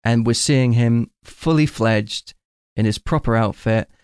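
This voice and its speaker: A man's voice: medium pitch, measured pace, smooth, no echo, clean studio sound. A man hosting a casual film chat, enthusiastically retelling scenes at length.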